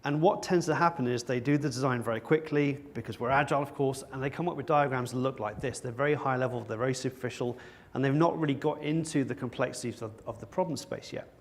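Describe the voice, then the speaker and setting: A man's voice: medium pitch, fast. A man giving a conference talk to an audience, wry and joking at his own expense. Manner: wry, with self-mocking jokes. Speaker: conference speaker. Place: conference stage before an audience.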